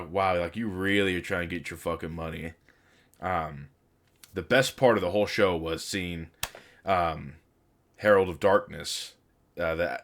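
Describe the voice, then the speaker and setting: A man's voice: on the low side, a bit bright. A young man in casual, frustrated commentary, rambling with fillers and swearing. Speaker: video game commentator.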